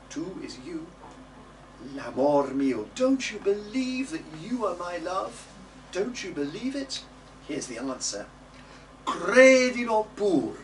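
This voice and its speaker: Lively male singing teacher, sings examples. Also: on the high side. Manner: lively, coaxing, demonstrates by singing phrases. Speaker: music teacher. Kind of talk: singing class. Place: classroom or studio. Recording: distant mic with background noise.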